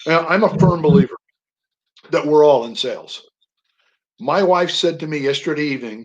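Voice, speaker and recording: An older man, a guest on a radio interview, telling personal stories with animated emphasis on single words. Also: a little high, normal speed, pauses often, poor audio. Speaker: guest, veteran.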